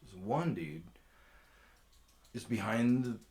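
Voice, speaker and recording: A man's voice: lowish voice, expressive, slow pace, a little mellow. A man telling casual storytime anecdotes in a rambling, profane, laid-back way.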